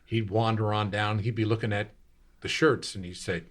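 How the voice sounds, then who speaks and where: A man's voice: lowish voice, fairly even intonation, normal speed. A man in his sixties, a radio host, telling long rambling anecdotes in casual talk. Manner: rambling anecdotal, acts out quotes. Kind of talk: casual storytelling.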